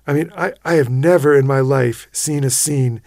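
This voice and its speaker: A man recounting an expedition as an interview guest, his voice pitched in a middling range. He tells it vividly and with animation, stumbling into restarts as he goes. The studio sound is dry and close. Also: normal speed, creaky, a little mellow, no echo. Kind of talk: storytelling in a radio interview.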